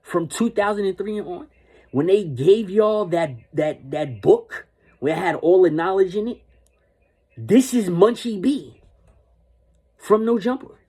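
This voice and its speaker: A man's voice: high-pitched, animated, unhurried, pauses often, mellow, breathy edge. A man delivering a rambling, insistent monologue rant, repeating and restarting his phrases.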